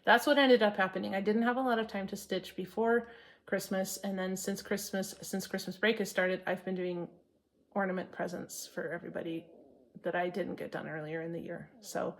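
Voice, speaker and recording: Chatty woman with a gravelly edge. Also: mid-range voice. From Maine. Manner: chatty and earnest, rambling with self-corrections. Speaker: cross-stitch vlogger and teacher. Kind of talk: casual chat to camera.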